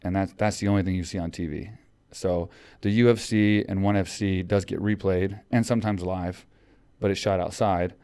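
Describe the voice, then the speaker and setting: A man's voice: low-pitched, fairly even intonation, normal speed, dark tone, smooth. A man hosting a podcast in casual chat, rambling with lots of fillers and restarts. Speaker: podcast host.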